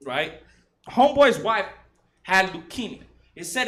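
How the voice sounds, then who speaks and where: A man's voice: extremely high pitch, sing-song, a little slow, pushed and bright. A man in his twenties from San Jose performing a crude, rambling, self-mocking stand-up set full of swearing. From San Jose, California. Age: 20s. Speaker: stand-up comedian. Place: comedy club stage.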